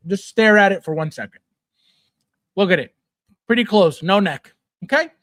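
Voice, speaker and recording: A man's voice: high-pitched, expressive, moderate pace, a bit bright, no room sound, studio quality. A man hosting a collectibles channel, ranting bluntly and scornfully about a figure, profane and sarcastic. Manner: repetitive, sarcastic jabs at viewers.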